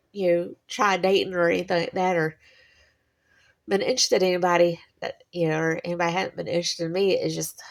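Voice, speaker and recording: A woman's voice: on the low side, creaky. A woman, chatting in a rambling personal monologue and laughing between thoughts. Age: 40s. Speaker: vlogger.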